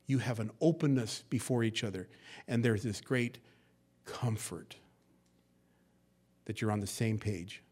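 A man preaching an expository sermon, moving between hushed, conversational asides and loud, emphatic verse reading, with folksy acted-out quotes. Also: fairly low pitch, measured pace, long pauses, breathy edge. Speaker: pastor.

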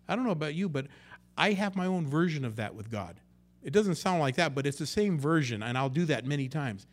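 Man preaching with big loud-soft swings. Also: on the high side, lively intonation, a little fast. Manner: conversational, swings between loud and hushed; acts out quotes in character voices. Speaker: pastor. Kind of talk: sermon.

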